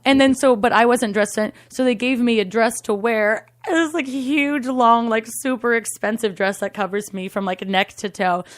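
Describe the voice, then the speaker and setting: A young adult woman, a comedian, telling a story in a casual interview, animated and swearing, acting out the voices of the people in it. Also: a little high, normal speed, few pauses, dry recording. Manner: animated, swearing, acts out voices in her stories. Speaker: comedian and singing waiter.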